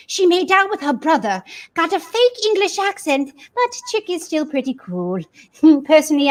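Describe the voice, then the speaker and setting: A woman voices a sugary fairy godmother who hands out backhanded compliments in an improv comedy battle. Her high voice swings widely in pitch. She keeps it sweet on the surface and sly underneath. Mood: rhyming. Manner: sugary, backhanded, calls people dear.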